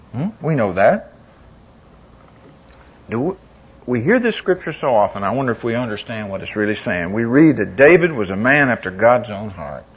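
A man preaches in a husky, mid-pitched voice that swings from hushed asides to loud, pleading cries. The recording sounds dull and lo-fi. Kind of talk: sermon.

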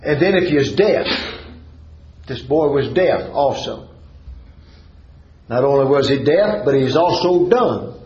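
A man's voice: mid-range voice, lively intonation, takes it slowly, long pauses, a crowd in the background. Fervent preacher man, echoey and muffled. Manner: rising into a fervent preaching cadence, repeating phrases. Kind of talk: sermon.

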